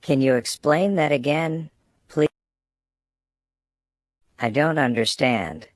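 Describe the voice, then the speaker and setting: A man's voice: a little high, slow, no echo. Man reading student phrases, dry and close. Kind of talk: scripted phrase reading for learners.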